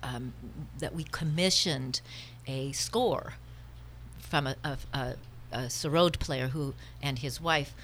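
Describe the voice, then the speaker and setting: A woman's voice: extremely low pitch, slow pace, fairly bright tone, slight background noise. An actress in a casual studio interview, chatty and restarting her sentences. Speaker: stage actress.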